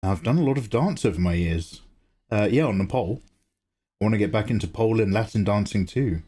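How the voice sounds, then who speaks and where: A grown man with a husky, warm voice speaks briskly and with animation while hosting a live drawing stream. He chats casually, answering chat with teasing replies, and his pitch jumps up whenever he greets viewers.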